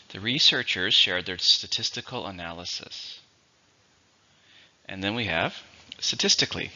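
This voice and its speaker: A man teaching English vocabulary, dictating words slowly and clearly, with a patient teacher's manner. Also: on the low side, pushed and bright. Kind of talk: vocabulary lesson. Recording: dull lo-fi recording.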